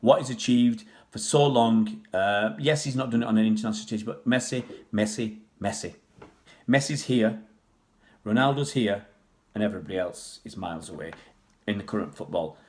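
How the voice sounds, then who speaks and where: Chatty low-voiced man rambling to viewers. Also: normal speed, a little mellow. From Pakistan, raised in England. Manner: rambling, chatty, many restarts and fillers. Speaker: vlogger answering viewer questions. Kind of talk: casual livestream chat.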